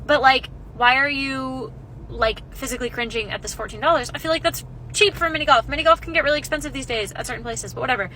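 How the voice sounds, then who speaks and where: Young woman, high voice, casual storytelling, exasperated, animated. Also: fast, slight background noise, poor audio.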